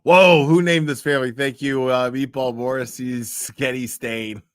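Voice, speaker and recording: A man's voice: medium pitch, fairly even intonation, unhurried, fairly bright tone, clear, resonant tone, no echo. A man hosting a call-in show, joking crudely with callers and mimicking them. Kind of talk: casual call-in banter.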